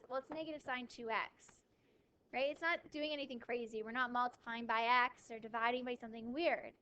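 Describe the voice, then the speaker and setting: A woman teaching a math class, lively, asking questions and answering them herself, with a touch of dry sarcasm. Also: sits high, dull audio. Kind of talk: classroom lecture.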